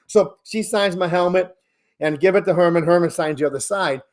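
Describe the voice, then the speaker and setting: A podcast co-host with a high, brisk male voice chats casually over a video call. He tells rambling stories and swears freely.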